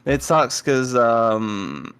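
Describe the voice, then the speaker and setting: A young man in casual chat, telling a tournament story with lively acted-out quotes and frequent laughter. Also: extremely slow, clean tone. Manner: animated storyteller, acts out quotes with big pitch jumps, laughs often.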